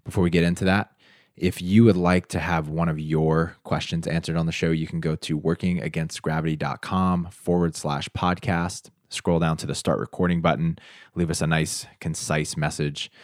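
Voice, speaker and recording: A man's voice: rumbling low, steady tone, moderate pace, no room sound, clean studio sound. A man from the United States co-hosting a podcast, talking in an upbeat, casual way straight to his listeners. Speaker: podcast co-host.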